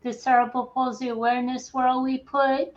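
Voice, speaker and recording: A woman's voice: high voice, little pitch movement, moderate pace. A woman co-hosting a casual radio chat, matter-of-fact as she shares updates. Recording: dull lo-fi audio.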